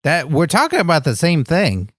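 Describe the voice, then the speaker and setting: A man's voice: fairly high pitch, wildly swooping pitch, moderate pace, fairly bright tone, dry recording, clean studio sound. A man co-hosting a comedy podcast with a naive, innocently oblivious manner. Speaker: podcast co-host.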